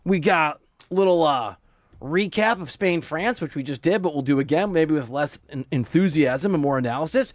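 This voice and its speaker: A man co-hosting a sports talk radio show, bantering excitedly and breaking into high-pitched exclamations. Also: normal speed, no room sound. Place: radio studio. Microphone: studio microphone.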